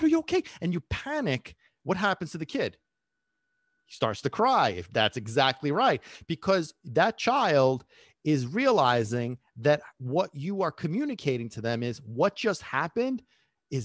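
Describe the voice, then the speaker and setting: A man hosting a podcast as a dog trainer, talking in an animated way, acting out little voices and asking listeners questions. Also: on the high side, no echo, studio quality. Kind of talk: podcast monologue.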